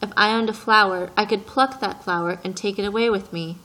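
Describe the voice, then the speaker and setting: A woman's voice: mid-range voice, steady tone, brisk, pushed and bright, natural voice, poor audio. The little prince, read by a woman. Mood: curious. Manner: earnest, questioning. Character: curious, persistent young boy prince. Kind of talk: audiobook reading.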